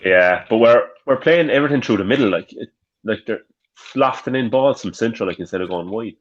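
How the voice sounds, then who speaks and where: A man's voice: lowish voice, expressive, brisk. A man from Ireland co-hosting a football podcast, giving frustrated match analysis in casual chat. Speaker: podcast co-host. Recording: dull lo-fi sound.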